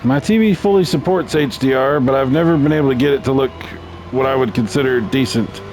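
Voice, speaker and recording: A man hosting a casual let's-play video, chatting through a racing game in a relaxed, self-mocking way. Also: mid-range voice, brisk. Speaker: gaming channel host.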